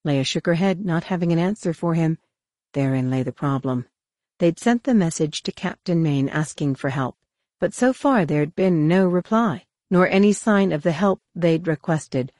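Low-voiced woman narrating an audiobook. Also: no room sound, studio quality. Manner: measured, expressive reading. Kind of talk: scripted narration.

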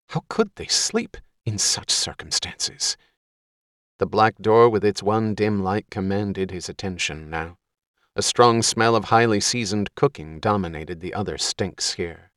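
A man giving steady, measured scripted narration as an audiobook reader. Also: sits low, no room sound, studio quality.

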